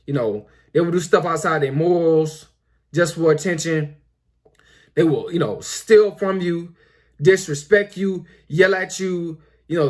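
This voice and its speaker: Young male host, high voice, preachy and repetitive, filler-heavy casual monologue. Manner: repetitive, preachy, lots of "you know" fillers. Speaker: commentary video host.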